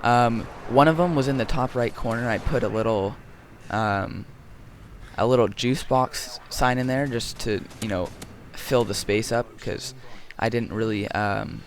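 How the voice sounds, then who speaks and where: A man's voice: medium pitch, measured pace, a little hiss or hum. A man giving casual, rambling gameplay commentary, joking and going off on tangents with lots of filler words. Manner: rambling and jokey, many ums and tangents. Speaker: gaming commentator.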